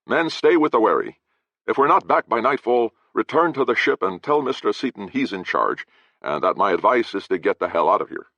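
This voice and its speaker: A man voicing a gruff, blunt male sea captain who barks orders, in a dry, slightly dull recording. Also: fairly low pitch, very animated, brisk, a bit bright, no room sound, voice pushed up, full character voice. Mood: commanding. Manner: barking orders, short-tempered.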